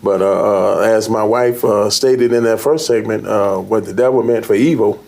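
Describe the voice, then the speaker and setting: A man, a pastor, telling in an interview how he came out of a coma, halting and repeating words earnestly. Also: on the low side, vocal fry, a little mellow. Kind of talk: interview guest recounting illness. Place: TV studio.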